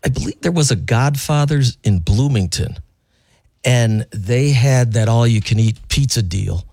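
A man's voice: medium pitch, animated, a little slow, dark tone, husky, dry recording, clean studio sound. A man co-hosting a radio show, reading out listener messages and joking in casual chat.

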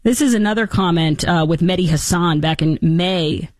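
A woman hosting a political commentary show, talking in a sarcastic, animated and mocking way. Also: on the low side, moderate pace, no echo, studio quality.

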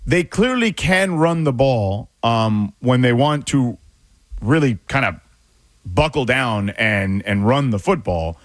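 Male sports-talk co-host, animated and lively, quick to push back, dry close mic. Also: medium pitch, no room sound. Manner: animated, pushes back, stammering restarts. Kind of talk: casual sports debate.

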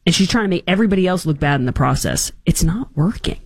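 A woman hosting a talk show, giving opinionated commentary in a sarcastic, animated way and acting out quotes. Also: on the low side, fast talker, slightly rough, dry recording, studio quality. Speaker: radio talk show host.

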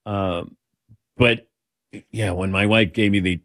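A middle-aged man hosting a talk radio show, chatting casually with callers in an animated, self-deprecating, rambling way. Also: fairly low pitch, takes it slowly, long pauses, no room sound, studio quality.

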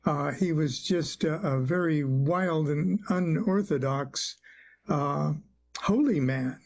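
Give me a male radio guest, slow and hesitant, a bit higher voice. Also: a little mellow. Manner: hesitant, many uhs, thoughtful, chuckles. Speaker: guest, author and singer-songwriter. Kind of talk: radio interview.

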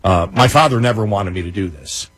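A man co-hosting a late-night talk radio show, telling personal stories in casual, animated chat with many restarts. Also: fairly low pitch, brisk, breathy edge, no room sound, soft background music, rough recording.

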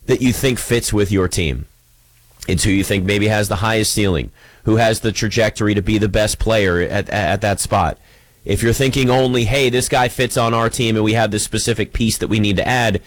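A man's voice: fairly low pitch, dry recording. A man hosting a sports radio show, talking casually and rambling, often restarting his sentences while he fights off allergies and an oncoming sneeze. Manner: rambling, chatty, self-interrupting.

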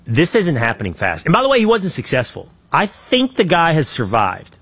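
A man hosting a political talk show, giving opinionated commentary and acting out quotes in an animated way. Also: fairly high pitch, moderate pace, slightly rough. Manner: animated, acts out quotes in his own voice, trailing restarts.

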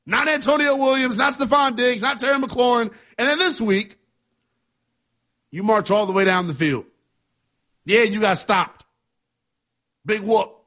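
A man's voice: high-pitched, measured pace, pauses often, fairly bright tone. A man hosting a sports talk show, giving passionate, emphatic commentary in a conversational way. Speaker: sports radio host.

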